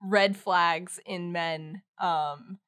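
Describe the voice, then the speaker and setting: A woman's voice: fairly low pitch, fairly even intonation, drawn-out words, fairly bright tone. A young woman, a guest author, chatting casually on a podcast, laughing often.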